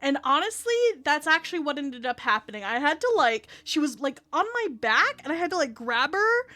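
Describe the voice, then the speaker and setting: A woman's voice: sits high, sing-song, fairly quick, bright, forceful tone. A woman, a streamer telling stories in a rambling, profane, laugh-filled way. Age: 30s. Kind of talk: casual storytelling chat.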